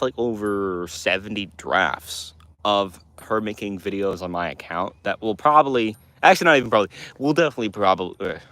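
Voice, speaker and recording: A man's voice: on the low side, bright, forceful tone. A teenage boy from Montana chatting casually with his livestream viewers, rambling through restarts and fillers. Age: teens. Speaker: livestream host answering chat.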